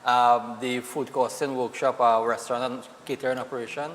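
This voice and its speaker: A man's voice: mid-range voice, level tone, fairly quick, fairly bright tone, big-room sound. A man with a Trinidadian accent, a chef on a morning TV show, promoting cooking courses in an upbeat way. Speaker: chef guest. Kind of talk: casual chat and course promotion.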